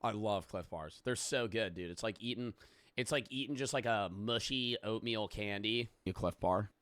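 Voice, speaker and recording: A man's voice: lowish voice, normal speed, a bit bright, dry recording. A young adult man chatting casually on a live stream, rambling and joking, swearing freely and thanking viewers for subs.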